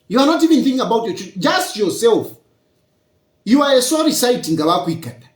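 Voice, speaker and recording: A Zambian-accented man holds forth as a politician, firing rhetorical questions at his listeners in a lecturing tone. His pitch rises and falls a great deal, and the recording rings with a roomy echo. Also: sing-song, fast talker. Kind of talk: public political address.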